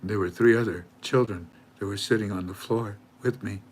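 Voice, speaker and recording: Halting older man telling a story. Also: on the low side, fairly even intonation, a little hiss or hum. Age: 70s. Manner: halting, repeats words while searching for them. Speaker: channel host. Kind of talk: heartfelt storytelling with a religious close.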